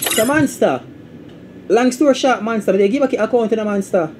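A man with a Jamaican accent live-streaming to his viewers, repeating catchphrases and breaking into sudden high, loud outbursts. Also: a little hiss or hum. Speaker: game streamer.

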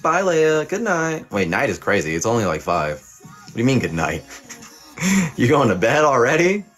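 Playing a mock teacher on his livestream, a young man reads chat and hands out teasing pass-or-fail verdicts full of profanity. His mid-range, fairly bright voice is very animated at a normal speed, with soft music underneath.

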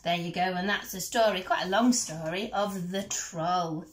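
A teacher from England reading a picture book aloud to children, expressive, with asides to her listeners. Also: fairly low pitch, normal speed, slight background noise. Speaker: primary school teacher. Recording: echoey room.

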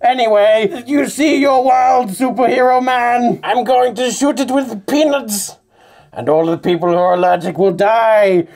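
A man playing a gravelly, gloating supervillain. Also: very high-pitched, a little slow, a little mellow, faint music behind. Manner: theatrical monologuing, gloating. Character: boastful bumbling male supervillain. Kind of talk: improvised comedy presentation.

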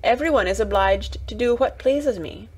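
A woman's voice: fairly high pitch, moderate pace, darkish tone, slightly rough, poor audio. A woman voicing a sickly, spoiled boy who speaks in a cool, indifferent, commanding way, read from a storybook. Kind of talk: storybook reading.

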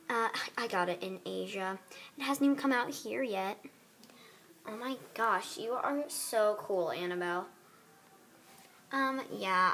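A woman's voice: mid-range voice, a bit bright, a little hiss or hum. A woman voicing all the characters of a homemade doll drama, switching between girlish voices with giggles and whispers. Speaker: doll video voice performer.

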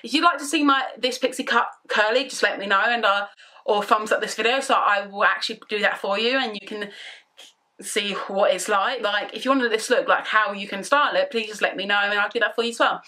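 A young woman vlogging casually from her bedroom, rambling through an excited story. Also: mid-range voice, brisk. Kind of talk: casual chatty vlog.

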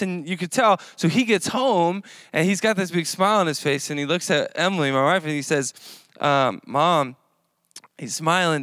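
A man's voice: fairly high pitch, fairly bright tone, no echo, studio quality. Chatty rambling man preaching casually. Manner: chatty, rambling storytelling with many fillers. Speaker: young adults pastor. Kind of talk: casual sermon.

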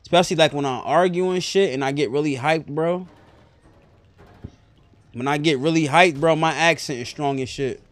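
A man's voice: on the high side, normal speed, pauses often, dry recording. A young man with a New York accent, chatting brashly and profanely while streaming a roleplay game. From New York area and New Jersey. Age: young adult. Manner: brash, profane, streetwise banter. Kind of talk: live-streamed roleplay chat.

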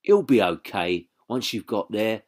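Gentle reassuring husband, as the narrator puts him on, calm and kind, audiobook. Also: male voice, lowish voice, a little slow.

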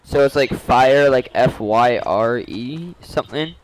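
Mid-pitched male gamer, teasing and jokey, voice chat, faint background noise. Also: takes it slowly, poor audio. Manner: joking, teasing banter. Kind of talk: casual voice chat while gaming.

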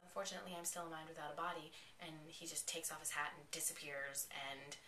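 A woman giving an excited, chatty plot recap of a TV episode, full of "like" as she retells the scenes. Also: deep voice, fast. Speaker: TV episode reviewer. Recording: echoey, distant from the mic.

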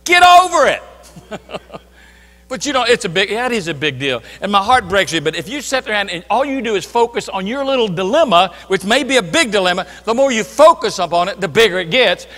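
A man preaching a sermon as pastor, emphatic, swinging between loud declarations and hushed asides. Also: high-pitched, animated, fast, few pauses, in a large hall. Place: church sanctuary.

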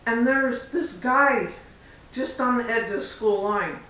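A man's voice: unhurried, sharp tone. A man vlogging as a parent, telling a story in a chatty, rambling way and acting out the back-and-forth of conversations. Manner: chatty, rambling, acts out quoted exchanges. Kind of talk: casual vlog storytelling. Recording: roomy echo, far from mic, faint rumble.

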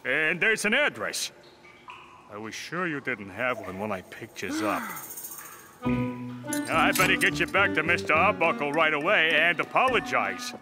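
An actor voicing a gruff male dogcatcher in a cartoon, talking in a blustery, working-class way. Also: fairly high pitch, very animated, measured pace, long pauses. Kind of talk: cartoon voice acting. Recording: loud cartoon music behind.

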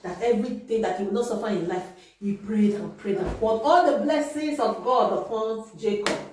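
A woman telling a Bible story to children in a lively way, often checking that her listeners understand. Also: a little high, normal speed. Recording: very echoey room, distant mic, noise.

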